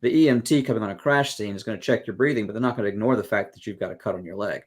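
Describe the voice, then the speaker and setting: A man's voice: lowish voice, racing. Man explaining earnestly. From Southern United States. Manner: earnest explaining, with everyday analogies; acts out quoted exchanges. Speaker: guest music educator. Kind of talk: podcast interview.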